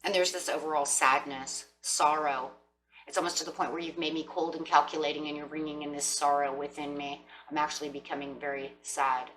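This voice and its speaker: A woman's voice: sits low, level tone, fairly quick, a bit bright, a little hiss or hum, rough recording. A woman giving a tarot reading, speaking straight to her viewers and voicing imagined lines from the people she describes. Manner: speaks directly to viewers, acts out imagined quotes. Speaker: tarot reader.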